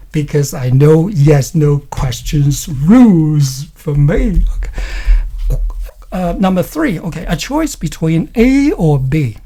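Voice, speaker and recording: Male English tutor, unhurried and husky, demonstrates intonation on example phrases, keeps checking in with "okay". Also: on the high side, lively intonation, warm tone. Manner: explanatory, peppered with "you know" and "okay". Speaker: English teacher. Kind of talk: online English lesson.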